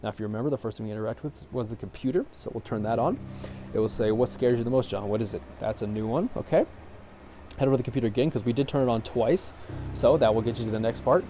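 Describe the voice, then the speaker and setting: With slight noise in the background, a man talks quickly in a medium-pitched, dark-toned voice. He's guiding viewers through a game in a casual tutorial, explaining every step in a rambling, filler-heavy way full of ums. Now and then he gets louder to talk over the game music.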